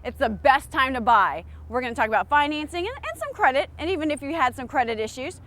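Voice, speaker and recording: A woman's voice: high voice, sing-song, fast, a bit bright. A woman co-hosting a car sales show, giving an upbeat, promotional introduction.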